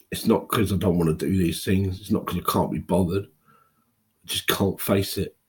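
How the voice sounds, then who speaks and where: A tearful man in his fifties speaking a raw, halting personal monologue to camera, with pauses and restarts. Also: deep voice, a little mellow, breathy edge. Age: 50s. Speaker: video blogger.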